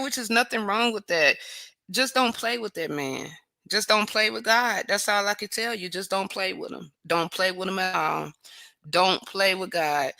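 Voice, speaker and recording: A woman's voice: on the low side, normal speed, creaky, sharp tone, dry recording. A woman hosting a casual livestream, greeting viewers by name and praising God often. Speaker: livestream host.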